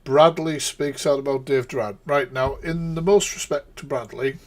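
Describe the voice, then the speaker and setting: A man's voice: mid-range voice, normal speed, noisy background. Give me a man rambling through live reaction chat. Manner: rambling, laughing, sarcastic asides. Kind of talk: casual live-stream commentary.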